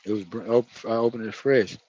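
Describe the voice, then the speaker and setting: A man's voice: fairly low pitch, fairly even intonation, brisk, warm tone, breathy edge, no echo, muffled recording. Laid-back florida guy talking while he cooks, rambling, cussing, laughing, dry close sound. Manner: loose, rambling, laughs and swears. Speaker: home cook. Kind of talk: casual cooking vlog talk.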